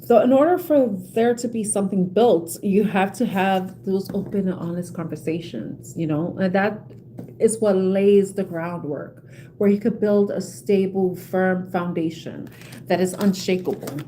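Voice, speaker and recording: A woman's voice: medium pitch, measured pace, warm tone, a little hiss or hum. Chatty woman giving a tarot reading. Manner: chatty, laughs often, says "you know" a lot. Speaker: tarot reader. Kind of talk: casual collective tarot reading.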